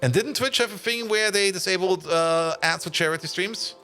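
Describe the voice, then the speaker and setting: A man's voice: high voice, moderate pace, sharp tone, clean tone, soft background music. A man streaming a game, chatting casually with viewers, laughing often and greeting them by name. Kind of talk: casual live-stream chat.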